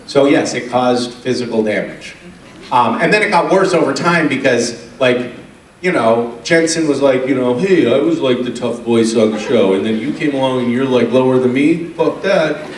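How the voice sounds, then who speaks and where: A middle-aged man telling funny stories to a convention crowd, animated and often laughing. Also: normal speed. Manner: animated, laughing, drops into a deep gravelly put-on voice for quotes. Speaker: convention panel guest. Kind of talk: casual storytelling on stage. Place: convention hall stage. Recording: echoey hall, distant mic.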